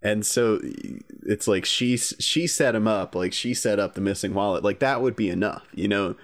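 A man with a somewhat low voice, co-hosting a relaxed movie discussion. He explains points patiently and pads his sentences with casual fillers. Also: moderate pace. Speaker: podcast co-host.

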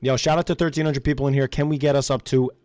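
A man co-hosting a casual live stream, excitable, swinging from hushed to loud. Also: mid-range voice, quick pace, crowd noise. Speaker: co-host.

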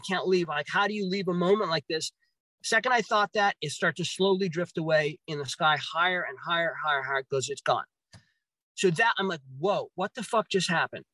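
A man telling a personal story in a casual, animated way, swearing often and acting out his own reactions. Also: high-pitched, no room sound, poor audio.

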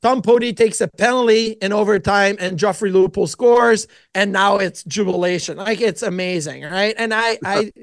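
A middle-aged man, a podcast guest, telling stories in an animated way and acting out his own quotes. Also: sits high, moderate pace, hardly any pauses, dry recording. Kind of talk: casual storytelling interview.

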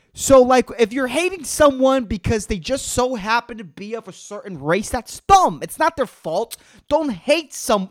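Animated, rambling man. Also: sits high, no room sound, studio quality. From Puerto Rico. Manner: rambling, profane, heavy on fillers. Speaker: podcast host and stand-up comedian. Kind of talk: rambling solo podcast talk.

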